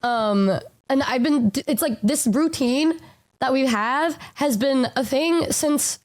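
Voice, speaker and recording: A woman's voice: high-pitched, slow pace, a little mellow. A woman streamer telling a story in a rambling, casual way, repeating words and stammering.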